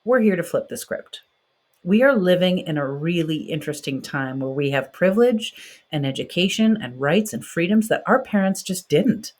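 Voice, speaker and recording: A woman's voice: on the low side, expressive, normal speed, a little mellow. A woman in her forties hosting a podcast, talking directly and encouragingly in a motivational monologue. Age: 40s. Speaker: podcast host.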